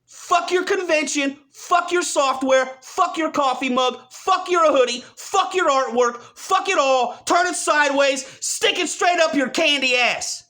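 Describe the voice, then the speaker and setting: A man delivering a furious, profane rant, often breaking into shouts. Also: extremely high pitch, unhurried, few pauses. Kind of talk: angry rant.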